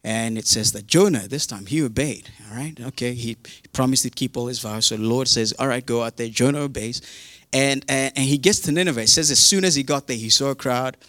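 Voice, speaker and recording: Male preacher with a relaxed, humorous delivery and a mid-range voice. Dry, close sound. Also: medium pitch, a little fast, no room sound. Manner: chatty and humorous, with modern slang. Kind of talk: casual sermon retelling a Bible story.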